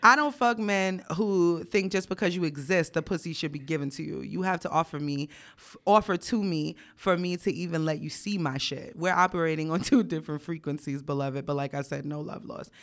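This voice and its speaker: A young woman on a casual podcast, swearing freely as she tells a story and reads text messages aloud. She is direct and blunt, and she often cracks up laughing. Her voice sits a little low for a woman. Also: brisk, few pauses. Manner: blunt, profane storytelling, reading texts aloud; frequent bursts of laughter. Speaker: podcast co-host.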